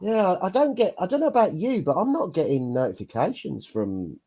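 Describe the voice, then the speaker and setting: A man's voice: sits high, sing-song, brisk, over a noisy crowd. A man hosting a casual chat, bantering bluntly and swearing a lot.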